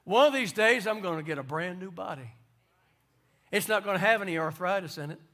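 A man preaches a sermon in a high, bright voice. He moves between hushed, conversational asides and ringing, emphatic declarations. He sounds like a pastor speaking to his congregation. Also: expressive, a little fast. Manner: preaching with swings from soft asides to loud emphasis.

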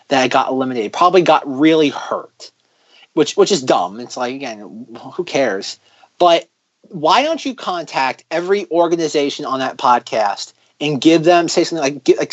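A man co-hosting a podcast, chatting casually and joking, rambling with many restarts. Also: fairly high pitch. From United States. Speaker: podcast co-host. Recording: dull lo-fi audio.

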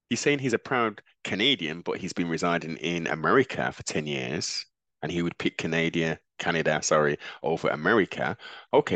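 A man's voice: lowish voice, fairly bright tone, dry recording. A man hosting a podcast, giving rambling reaction commentary with frequent restarts. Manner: musing, digressive, frequent restarts. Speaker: podcast host.

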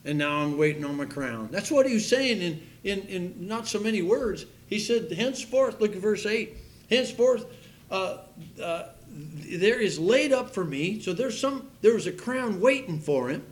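Man, preacher, sermon, fervent emphasis, scripture reading, fillers and restarts, slightly high voice. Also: animated, normal speed. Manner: reads scripture aloud in King James wording.

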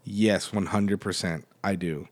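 Relaxed man telling a story. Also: deep voice, unhurried. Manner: relaxed anecdotal storytelling, casual swearing. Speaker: podcast co-host. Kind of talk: casual chat.

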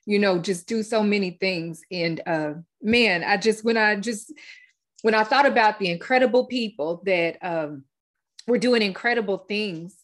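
A woman's voice: mid-range voice, normal speed, fairly bright tone. Heartfelt woman podcast host. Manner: heartfelt testimony, repeats words, fillers. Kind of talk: casual faith-based podcast talk.

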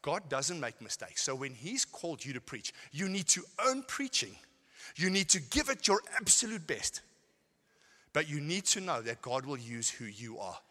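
Bright-voiced preacher in a hall. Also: male voice, fairly high pitch, very animated, moderate pace. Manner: storytelling preacher, shifts from shouting to quiet asides. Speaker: pastor. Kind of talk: sermon. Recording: hall with long reverb.

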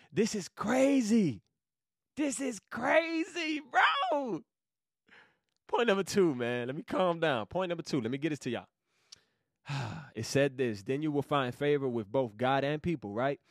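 A young man from Savannah, Georgia, with a Georgia accent, giving an excited, slangy Bible teaching as a podcast host. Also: on the high side, brisk, no echo, clean studio sound. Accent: Southern US, Georgia. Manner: hyped, slangy, bursts into loud exclamations.

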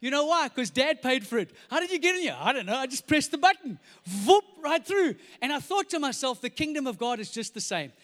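A man preaching a sermon in a large church, energetic and jokey, acting out little voices in his stories. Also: very high voice, fairly quick, few pauses. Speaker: pastor. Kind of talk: sermon with comic storytelling. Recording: reverberant church hall.

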